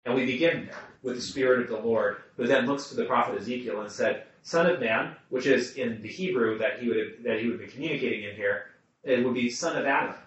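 A man's voice: medium pitch, fast, a little hiss or hum. A man leading a group Bible study, thinking aloud with restarts and putting questions to the people around him. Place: room with a small group. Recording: muffled, echoey room, mic far off.

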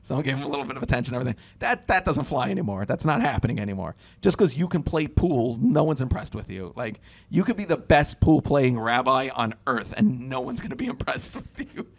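A young man hosting a casual podcast conversation, telling stories in a lively way and acting out the dialogue. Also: medium pitch, a little fast, vocal fry. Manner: animated storyteller, acts out dialogue.

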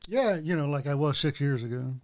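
A man chatting casually with a friend, speaking in a relaxed, halting way with many fillers. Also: a little high, no echo, clean studio sound. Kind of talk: casual chat.

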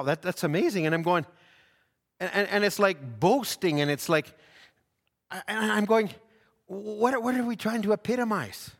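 Fervent high-voiced man preaching. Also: fairly bright tone, in a large hall. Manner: fervent, many restarts and repeated words. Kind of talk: sermon.

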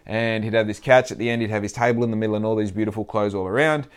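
A man's voice: lowish voice, fairly even intonation, rapid-fire, clear, resonant tone. A man with an Australian accent talking casually in a rambling monologue, swearing freely and acting out the people he quotes.

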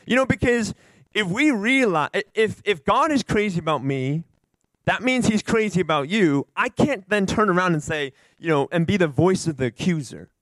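A man giving an earnest, animated testimony to a church gathering, rambling and restarting as he talks. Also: high-pitched, moderate pace, no echo, rough recording. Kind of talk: informal sermon sharing.

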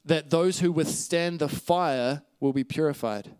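A man preaches a sermon in an earnest teaching manner, walking through scripture passages and checking in with his listeners. His voice sits slightly high and comes across smooth and clear. The recording is dry, with little room sound. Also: measured pace, darkish tone, no room sound. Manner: earnest teaching with scripture references, occasional light laughs.

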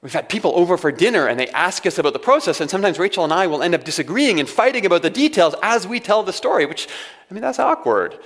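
A man preaching in a conversational sermon, his voice sitting a little high for a man. He drops in wry, humorous asides. The sound carries a long hall reverb, as in a large sanctuary. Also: expressive, quick pace, a bit bright. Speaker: pastor.

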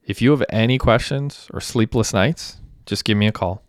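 Hardened cop, measured and quietly suspicious, read by a man with a low, smooth voice. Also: no echo, studio quality, natural voice. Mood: probing. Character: hardened male police detective, probing.

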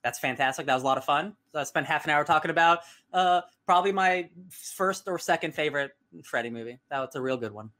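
A man's voice: fairly high pitch, quick pace, few pauses, sharp tone. A man in his thirties hosting a podcast, joking and upbeat in casual chat. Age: 30s. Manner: jokey, upbeat, self-mocking. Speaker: podcast host.

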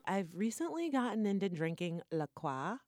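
A woman co-hosting a podcast in casual chat, animated and laughing, her voice jumping high when she gets excited. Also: normal speed, no echo, studio quality, faint music behind. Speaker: podcast co-host.

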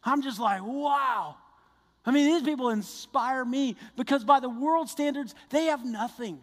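A male pastor preaching a sermon, telling stories with excited earnestness that builds into fervent prayer. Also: very high-pitched, moderate pace, long reverb tail.

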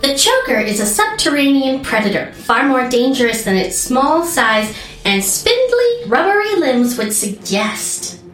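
Woman doing squeaky bubbly companion Toffee. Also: sing-song, unhurried, a bit bright, roomy sound, distant mic, full character voice. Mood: excited. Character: excitable young female companion Toffee.

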